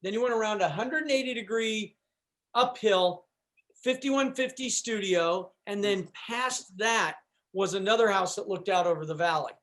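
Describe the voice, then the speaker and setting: A man guest on a podcast telling a story in a casual, animated way, acting out what people said and using lots of fillers. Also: sits high, normal speed. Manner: animated, acts out quotes, fillers.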